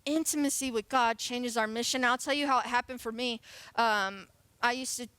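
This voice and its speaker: A woman's voice: on the high side, normal speed, a bit bright, clean tone, dry recording. A woman in her late twenties giving a casual, playful sermon as a youth pastor. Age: 20s. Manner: casual, chatty and playful, laughing often.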